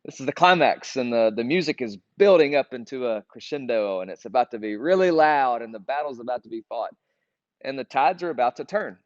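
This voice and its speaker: A man's voice: mid-range voice, lively intonation, fairly quick, no room sound. Earnest man leading a Bible study. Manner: earnest and conversational, reads scripture aloud. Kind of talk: casual group Bible study discussion. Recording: dull, dry lo-fi recording.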